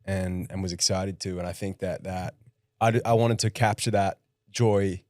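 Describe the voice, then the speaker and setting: Young male guest, low-ish voice, laid-back halting chat, dry close mic. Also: dry recording. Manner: relaxed, halting with restarts. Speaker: guest musician. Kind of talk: casual podcast chat.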